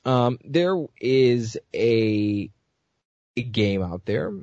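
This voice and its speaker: A man's voice: medium pitch, expressive, drawn-out words, darkish tone, no echo, highs cut off. A man hosting a casual gaming news podcast, rambling with lots of fillers and restarts. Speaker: podcast host.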